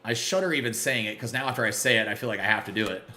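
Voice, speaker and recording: A man hosting a casual live game stream, greeting viewers by name and reacting loudly to big plays. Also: mid-range voice, quick pace, roomy sound. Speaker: livestream gamer.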